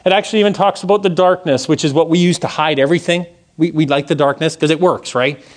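A man, preaching a sermon in a church and telling a personal story, animated and conversational, asking the congregation questions. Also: fast talker. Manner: animated storytelling, acts out quotes with big pitch jumps; conversational, asks the audience questions. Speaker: pastor.

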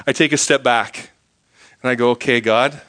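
A middle-aged male pastor preaching a sermon in an earnest way, swinging between fervent pleading and quiet reflection. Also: mid-range voice, fairly even intonation, unhurried.

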